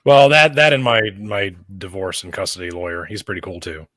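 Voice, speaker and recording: A male livestream host with a lively, swinging pitch who talks bluntly and swears freely. His voice comes across dry and close, with no room sound, over a video call. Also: brisk, no room sound. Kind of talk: casual chat on a livestream.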